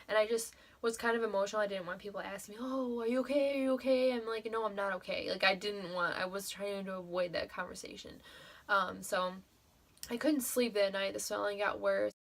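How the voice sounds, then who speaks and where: Young woman vlogger, casual storytelling, emotional, salty language. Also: mid-range voice. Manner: emotional, swears freely, many "like" fillers.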